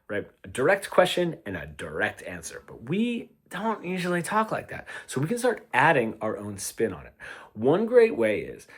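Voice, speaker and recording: Lively, chatty male guitar teacher. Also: medium pitch, normal speed, husky. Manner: chatty, animated, with frequent "right?" checks. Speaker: guitar coach. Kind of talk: casual guitar lesson with playing examples. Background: guitar playing between phrases.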